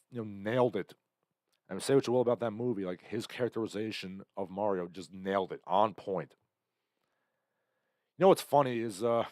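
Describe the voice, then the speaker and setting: Sardonic male streamer, low pitch, dry close sound, rambling chat-reading host. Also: no echo. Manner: rambling, sardonic, bursts into loud impressions. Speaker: livestream host. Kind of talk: casual commentary reading chat comments.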